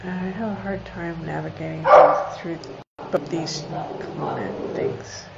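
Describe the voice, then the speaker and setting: A woman's voice: sits low, slow, gravelly, highs cut off, very noisy. A woman chatting casually on a live stream from home, reading cards for viewers and laughing often. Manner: chatty, laughs often, soothes her dogs. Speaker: live stream card reader. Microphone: computer or phone on a live video stream.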